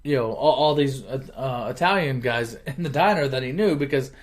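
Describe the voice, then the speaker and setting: A man hosting his channel, casually retelling a movie plot in an animated, chuckling, conversational way. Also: medium pitch, a little fast. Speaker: channel host.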